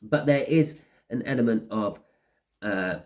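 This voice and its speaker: A man's voice: lowish voice, lively intonation, unhurried, background noise. A man giving a casual tarot reading, rambling and acting out little scenes as he talks. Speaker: tarot reader.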